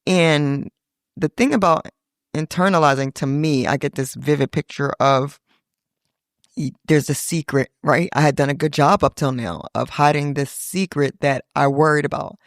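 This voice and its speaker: A woman's voice: low voice, steady tone, moderate pace, no echo, clean studio sound. A middle-aged woman hosting a podcast, reflectively telling a personal story and quoting her family in little voices. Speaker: podcast host.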